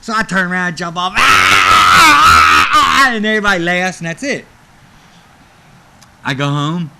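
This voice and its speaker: A man's voice: normal speed, shouting, very noisy. A man casually telling stories from his wrestling career in an interview, animatedly acting out the people he quotes. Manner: animated, acts out quoted voices with big pitch jumps.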